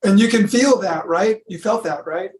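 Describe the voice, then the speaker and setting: A man guest in a relaxed interview, talking about breath work in a laid-back, storytelling way. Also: high-pitched, moderate pace, a little hiss or hum, poor audio. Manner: laid-back, storytelling, says "you know" often. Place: from Sacramento.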